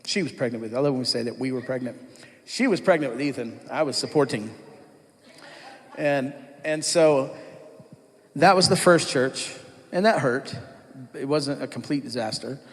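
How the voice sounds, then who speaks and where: In a church sanctuary, a worship leader shares his personal testimony with the congregation, storytelling conversationally and acting out what others said. His voice is medium-pitched at a normal speed with long pauses, and the hall adds a long reverb.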